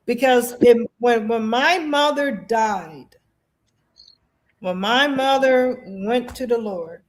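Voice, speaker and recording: This middle-aged woman, an Air Force veteran appearing as a guest, speaks slowly in a fairly high voice. In an emotional conversation about grief and faith, she tells stories with animation and acts out the voices of the people she quotes.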